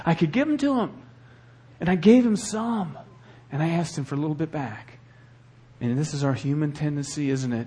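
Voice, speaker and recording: A middle-aged male pastor preaching a sermon with animated delivery and acted asides. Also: on the high side, a little fast, husky.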